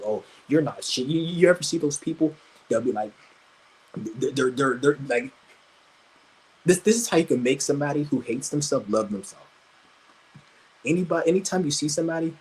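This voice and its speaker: Brief: very raspy male streamer, crude combative livestream rant, keeps stammering and restarting. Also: on the high side, darkish tone, low-quality recording.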